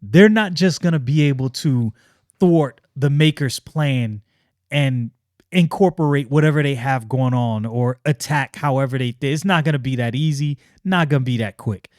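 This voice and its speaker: A man hosting a casual comic book review, excitable and slangy, often restarting his sentences. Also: medium pitch, moderate pace, dry recording, clean studio sound.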